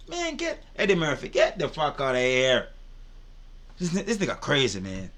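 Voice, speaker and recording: A man's voice: on the high side, big pitch swings, moderate pace, a bit bright. A man giving indignant, profane reaction commentary. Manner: indignant, profane, repetitive ranting. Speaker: reaction video host.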